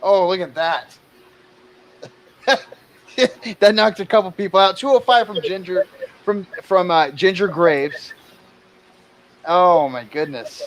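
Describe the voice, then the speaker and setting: A man's voice: high voice, takes it slowly, long pauses, a little hiss or hum, low-quality recording. A man calling out bids in a casual livestream art auction, joking and exclaiming over each new bid.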